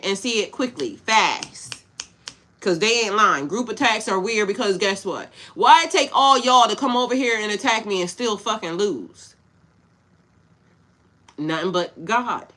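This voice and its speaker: A woman hosts a spiritual reading stream, talking bluntly and casually to her viewers. Her voice has a bright, sharp edge, and she mixes slang with pep-talk advice. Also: medium pitch. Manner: casual, blunt, slangy, talks back to chat. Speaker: spiritual coach. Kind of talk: livestream tarot-style reading with chat.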